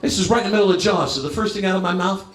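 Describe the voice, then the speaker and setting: A man's voice: high voice, very fast, reverberant, noisy background. A man in his fifties from New Jersey doing a brash, crowd-working stand-up set. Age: 50s. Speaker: stand-up comedian. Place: bar stage.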